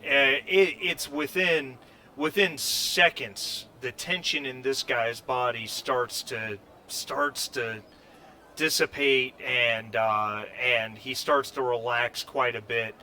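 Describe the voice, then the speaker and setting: Game master guy narrating a sci-fi tabletop session, bright voice, keeps restarting, faint hiss in the background. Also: medium pitch, fairly even intonation. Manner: halting, full of fillers and restarts.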